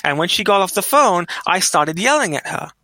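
A middle-aged man who owns a business speaks at a moderate pace while telling interview stories, performing quoted lines animatedly as his pitch rises. There's no echo, but the audio is poor.

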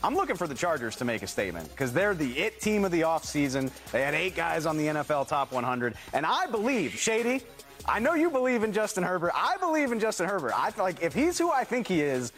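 A man on a sports debate panel talks football with emphatic conviction. His pitch swings widely and stays lively. Faint music sits underneath. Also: quick pace. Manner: animated, emphatic. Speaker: sports analyst.

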